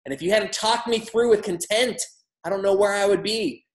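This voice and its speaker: A man's voice: high-pitched, moderate pace, voice pushed up, close to an everyday voice. A man voicing a grateful client who gushes a dramatic, effusive testimonial. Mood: gushing. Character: gushing grateful adult client giving a testimonial. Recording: roomy echo.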